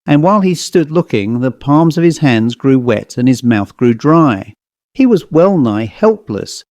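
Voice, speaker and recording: A man reading a ghost story aloud in a steady, measured way, close to the mic. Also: on the high side, no room sound. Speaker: audiobook narrator. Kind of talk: scripted ghost story narration.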